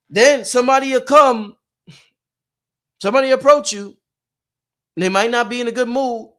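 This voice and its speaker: A man with a strikingly high-pitched voice delivers a preachy motivational talk about spirituality. He hammers his points home, repeating phrases and swearing freely as he builds them up. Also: moderate pace, pauses often, sharp tone. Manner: emphatic, repetitive, preachy, profane. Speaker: podcast host.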